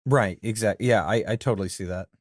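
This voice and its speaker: A man co-hosting a cartoon podcast, animated and easily amused, laughing often as he retells scenes. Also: lowish voice, fairly quick, no echo, clean studio sound. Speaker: podcast co-host. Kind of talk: casual chat about cartoons.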